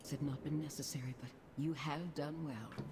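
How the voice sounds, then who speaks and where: A woman voicing a formal, commanding elf noblewoman who speaks in a measured way, heard as faint game audio under a live stream with a crowd murmuring behind. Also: sits low, steady tone, close to an everyday voice.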